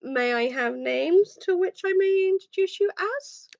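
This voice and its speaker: A woman's voice: very high voice, lively intonation, measured pace, gravelly, darkish tone, no room sound, dull audio, pitched above the performer's own voice, full character voice. A woman voicing a formal, immaculate middle-aged male butler who speaks with stiff politeness in a tabletop game.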